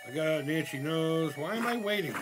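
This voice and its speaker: Man, streamer, casual chat, profane, laughing, slightly high, animated. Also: fairly quick, noisy background. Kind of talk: casual live gameplay chat.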